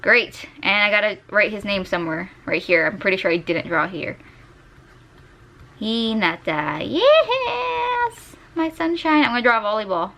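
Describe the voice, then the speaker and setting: Speaking fast with hardly any pauses, a young woman vlogs casually as she draws, chatty and giggling while she raves about her favorite characters. Her mid-range voice is pushed and bright, recorded on a desk USB mic.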